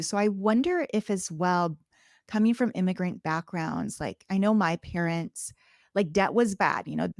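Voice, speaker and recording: A woman hosting a podcast in casual interview chat. She is conversational and agreeing, and her pitch lifts when she quotes others. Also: no echo, studio quality. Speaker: podcast host, coach.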